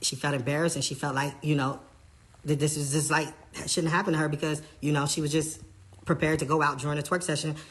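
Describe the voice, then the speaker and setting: Brief: tour manager, mid-pitched voice, lively casual retelling, slips into quoting others. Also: fast. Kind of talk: casual storytelling.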